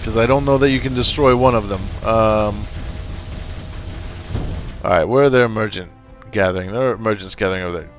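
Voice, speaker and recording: In this laid-back let's play commentary, a man jokes with the units in his strategy game and bosses them around, talking to them in a goofy way. His voice is on the low side and brisk, with frequent pauses, and faint game music and artillery can be heard in the background.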